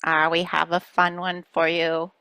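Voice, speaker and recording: A woman's voice: on the low side, completely flat delivery, measured pace, bright, forceful tone, clean tone, no room sound. A woman channeling spirit guides for a group, speaking as "we" in a playful storytelling manner.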